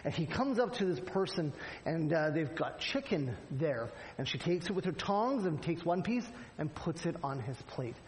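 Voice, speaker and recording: Very animated, a pastor with a slightly high voice preaches a conversational sermon at normal speed, often asking the congregation "right?" and performing the lines he quotes. The rough recording has a long reverb tail and a little hiss or hum.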